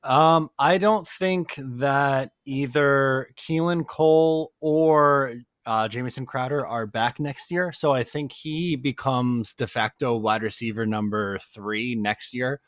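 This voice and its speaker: A man giving a measured, slightly hesitant take on a casual panel. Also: mid-range voice, a bit bright, clean tone, no room sound.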